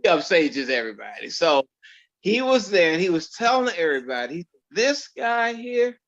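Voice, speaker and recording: A man tells stories as an interview guest, acting out every line of dialogue he quotes. His voice sits fairly high and sounds forceful and bright. The recording is dull and lo-fi. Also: fairly quick. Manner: animated storyteller who acts out quoted dialogue. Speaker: actor guest. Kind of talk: storytelling in an interview.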